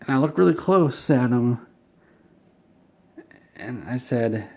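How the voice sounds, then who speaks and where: Man telling an absurd story deadpan. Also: medium pitch, slow pace, pauses often, highs cut off. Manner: rambling, self-deprecating, deadpan. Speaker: comedic storyteller.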